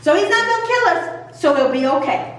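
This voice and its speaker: A woman's voice: very high voice, expressive, brisk, a bit bright, pitched above the performer's own voice. A woman voicing an eager young mother calling out breathless exclamations to her husband. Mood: excited. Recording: echoey church room from far off.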